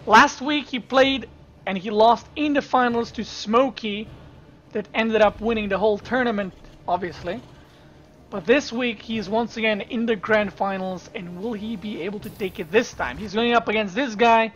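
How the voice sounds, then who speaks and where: A woman's voice: a little high, normal speed, muffled recording. A woman streamer giving casual esports commentary, chatting straight to her viewers from a home streaming setup. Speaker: streamer and caster.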